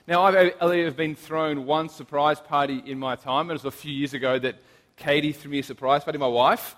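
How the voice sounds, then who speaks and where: Young male preacher, conversational storyteller, slightly high voice, echoing hall. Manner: chatty and animated, frequent fillers and restarts. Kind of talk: casual sermon with storytelling. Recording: long hall reverb.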